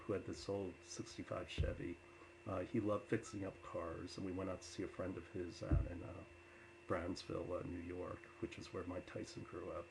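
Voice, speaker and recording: A man telling personal stories to an audience with many filler uhs, turning loud and animated when he quotes himself. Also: low-pitched, vocal fry, noisy background. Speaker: storyteller. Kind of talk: personal storytelling talk.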